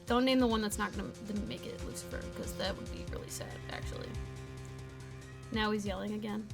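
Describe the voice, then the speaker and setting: A woman's voice: mid-range voice, fairly even intonation, fairly quick, creaky, loud music behind the voice. A young woman streaming from home, chatting casually and teasing her cat in a playful way. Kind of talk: casual live-stream chat.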